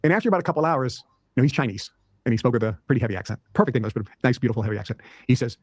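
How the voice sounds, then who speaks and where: Guy rattling off health tips fast and emphatic, repeats himself a lot, dry close sound. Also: medium pitch, dry recording. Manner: brisk, emphatic and repetitive. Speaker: guest teacher. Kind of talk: instructional talk on health and mind.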